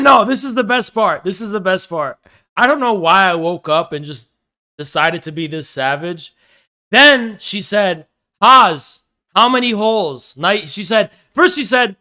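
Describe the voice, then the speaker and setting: High, bright-voiced streamer ranting profanely. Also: male voice. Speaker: livestreamer. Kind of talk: ranting livestream talk.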